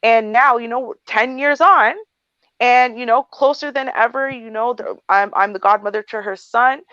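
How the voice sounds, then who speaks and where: A woman's voice: a little high, normal speed, sharp tone, no echo. Woman, 30s, livestream advice host; blunt, candid storyteller, dry lo-fi sound. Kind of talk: casual storytelling chat.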